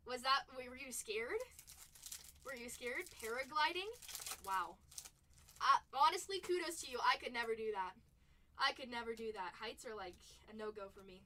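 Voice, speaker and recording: A woman's voice: fairly high pitch, moderate pace, sharp tone, distant mic, slight background noise. A young woman hosting a live card break, chatting casually and laughing between card call-outs. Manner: chatty, calls out cards between stories, laughs often. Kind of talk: casual live-stream chat while opening card packs.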